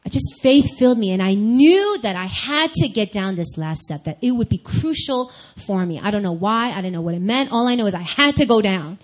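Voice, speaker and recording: A young adult woman giving a sermon-style personal testimony, candid and animated, speaking straight to her listeners. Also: medium pitch, fairly quick, hardly any pauses, poor audio.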